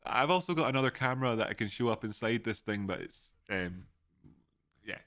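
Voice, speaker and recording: A man's voice: mid-range voice, lively intonation, brisk, fairly bright tone, no echo. A man with an Edinburgh Scottish accent hosting a casual livestream, rambling with frequent restarts as he thanks viewers. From Scotland. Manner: rambling, restarts often, reads out donor messages. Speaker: livestream host.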